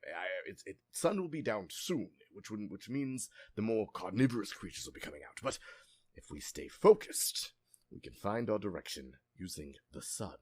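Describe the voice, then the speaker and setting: A man's voice: fairly low pitch, sing-song, moderate pace, breathy edge. A man voicing a blustery older male explorer who stammers while lost in a forest, in a tabletop game. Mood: anxious. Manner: pompous, flustered, stammering.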